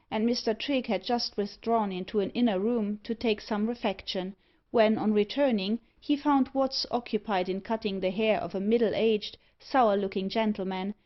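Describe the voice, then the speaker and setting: Brief: female audiobook narrator, mid pitch, measured, slightly muffled recording. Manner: measured storytelling. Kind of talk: scripted narration.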